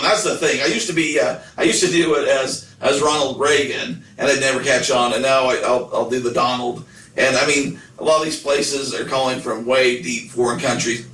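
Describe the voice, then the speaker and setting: A man's voice: medium pitch, fairly bright tone, reverberant, recorded from a distance, a little hiss or hum, low-quality recording. A man co-hosting a podcast, chatting casually and telling joking, rambling stories. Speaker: podcast co-host. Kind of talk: casual chat.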